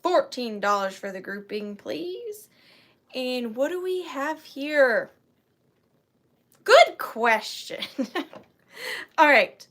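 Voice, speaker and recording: Woman, high voice, unhurried, chatty live-sale host, greets viewers by name, home office. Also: expressive, a bit bright. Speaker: antiques seller hosting a live sale. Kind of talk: live-stream auction chat.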